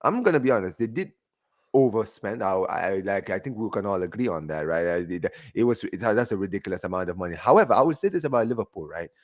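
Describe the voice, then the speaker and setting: A man's voice: lowish voice, quick pace. A man hosting a football podcast, chatting casually and animatedly. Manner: animated, chatty, lots of fillers.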